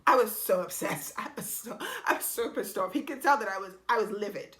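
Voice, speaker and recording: A young woman tells a story to her channel in a casual, animated way, exasperated and blunt, with frequent swearing. Her voice is bright and sits at an ordinary pitch for a woman. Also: brisk, hardly any pauses. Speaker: vlogger.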